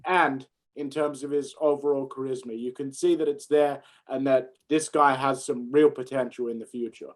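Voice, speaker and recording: A man's voice: medium pitch, fairly even intonation, normal speed, hardly any pauses. A man co-hosting a wrestling review, easygoing and agreeable, sharing opinions in casual chat. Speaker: co-host of a wrestling review show.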